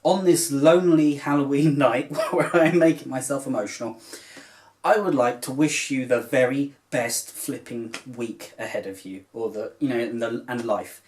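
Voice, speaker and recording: A man talking straight to his camera in a loose, rambling vlog. He is heartfelt and sincere, and he keeps circling back with filler phrases as he goes. His voice sits at an ordinary middle pitch for a man. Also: steady tone, moderate pace, a little mellow, a little hiss or hum. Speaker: cross-stitch vlogger. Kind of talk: casual chat to camera.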